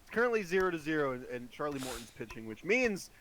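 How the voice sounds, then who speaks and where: A man's voice: a little high, big pitch swings, fast, a bit bright, poor audio. A young man co-hosting a casual podcast, teasing dryly and swearing, heard through a built-in computer microphone on a remote call. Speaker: podcast co-host. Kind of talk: casual chat.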